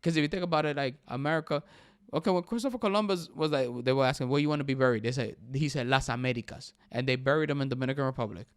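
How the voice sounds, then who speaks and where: A man's voice: fairly high pitch, very fast, clear, resonant tone, no echo, studio quality. A young man hosting his own podcast, talking casually and emphatically and saying "bro" often. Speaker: podcast host. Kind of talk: casual solo podcast commentary.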